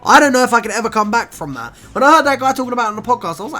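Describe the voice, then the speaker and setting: Very fast and with hardly a pause, a young vlogger in his 20s speaks in a high voice over soft background music. His casual story is full of swearing and "bro," delivered in an animated way.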